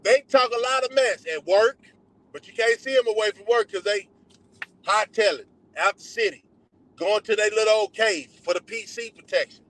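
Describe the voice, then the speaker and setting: Here the Texan streamer talks loosely from his car at the drive-thru of a donut shop, hopping between topics with plenty of slang. His high-pitched, slightly bright voice moves at a moderate pace over poor audio.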